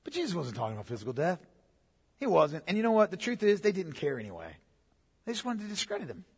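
High-pitched guy preaching, keeps repeating his points, gets loud then drops real quiet, big echoey church hall. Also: wildly swooping pitch, fast, slightly rough. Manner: emphatic, repeats key phrases, swings from loud to hushed. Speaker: pastor. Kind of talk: expository sermon.

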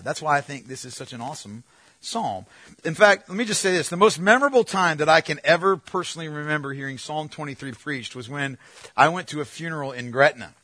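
A man preaching a sermon as a pastor, talking conversationally with animated storytelling and frequent restarts. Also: a little high, slightly rough, dry recording.

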